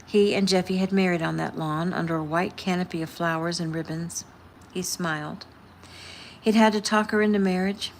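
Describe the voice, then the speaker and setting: A woman, the author, casually reading her own novel aloud and softly voicing the characters' dialogue. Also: lowish voice, fairly even intonation, normal speed, a little hiss or hum.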